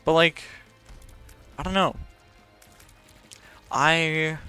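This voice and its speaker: Excitable young man, smooth voice. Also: on the high side, extremely slow, soft background music. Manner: excitable, profane, rambling. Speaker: podcast host. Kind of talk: casual rambling chat.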